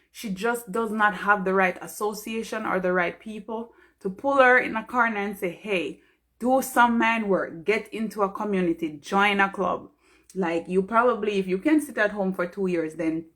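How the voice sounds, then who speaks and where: Earnest woman giving encouragement. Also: on the low side. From Jamaica. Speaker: pharmacist. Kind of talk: motivational live-stream talk.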